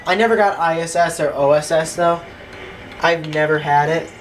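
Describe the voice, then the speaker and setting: A chatty commentator rambles through a story as a game plays, jumping up into loud, animated quoted voices. The voice sits at an ordinary middle pitch. Faint game music plays behind the talk. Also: normal speed. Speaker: gameplay commentator. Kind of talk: casual storytelling over gameplay.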